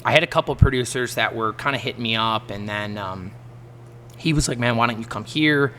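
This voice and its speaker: A man's voice: mid-range voice, brisk, slight background noise. A man, a musician guest on a podcast, telling stories casually and acting out the people in them. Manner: animated, laughs often, acts out the people in his stories. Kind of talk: casual storytelling in a podcast interview.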